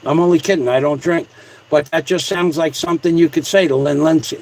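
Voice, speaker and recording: High-voiced man chatting on a livestream. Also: steady tone, fairly quick, gravelly, low-quality recording. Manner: rambling, joking, repetitive shout-outs. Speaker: livestream host. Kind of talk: casual livestream chat reading comments.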